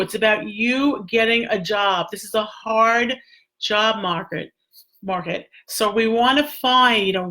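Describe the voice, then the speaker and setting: Middle-aged lady therapist chatting advice, lots of um and you know, mid pitch. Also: a bit bright. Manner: chatty, many fillers and restarts. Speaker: speech and stuttering therapist. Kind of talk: casual advice talk.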